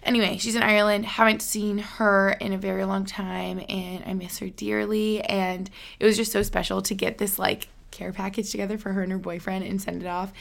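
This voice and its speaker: A woman's voice: medium pitch, little pitch movement, a little fast, vocal fry, hardly any pauses. A woman in her twenties hosting a podcast, talking casually and candidly, with lots of fillers and light laughs. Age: 20s. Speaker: podcast host. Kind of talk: casual solo podcast talk.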